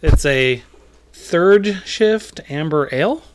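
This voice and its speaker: A man's voice: on the high side, expressive, takes it slowly, a little hiss or hum. A man co-hosting a casual podcast, talking in a dry, matter-of-fact way. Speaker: podcast co-host.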